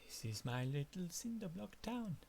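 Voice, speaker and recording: A man's voice: sits high, big pitch swings, normal speed, gravelly, a little mellow, a little hiss or hum, pitched above the performer's own voice, heavily acted. A man voicing an older, evasive village washwoman in a video game, speaking in a guarded, folksy way.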